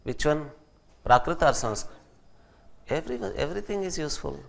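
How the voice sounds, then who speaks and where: Animated professor lecturing. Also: male voice, on the high side, normal speed, gravelly. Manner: animated, acts out quoted speech. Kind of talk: classroom lecture.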